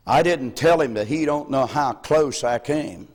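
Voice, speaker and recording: A man's voice: medium pitch, darkish tone. A male pastor preaching a sermon through folksy personal stories, chuckling between lines, heard on an old VHS tape. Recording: old VHS tape with long hall reverb.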